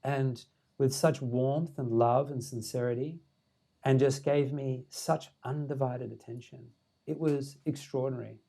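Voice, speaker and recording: A man who is a meditation teacher, telling a story as a podcast guest in an animated way, laughing often. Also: medium pitch, measured pace, vocal fry. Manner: animated, many fillers and restarts, laughing often.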